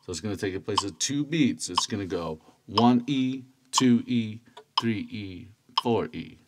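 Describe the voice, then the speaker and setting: A man teaching a stringed-instrument lesson, calmly counting beats and chanting strokes. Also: lowish voice, unhurried, very noisy. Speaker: music teacher. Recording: loud instrument playing under voice. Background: cavaquinho playing.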